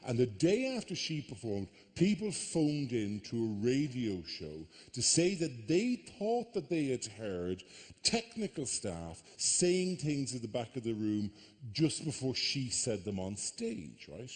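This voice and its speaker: An Irish man performs stand-up in a large theatre, his voice trailing into a long reverberant tail. He tells stories in an animated way and swings into mock outrage. The style is a live comedy routine. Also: lowish voice. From Ireland.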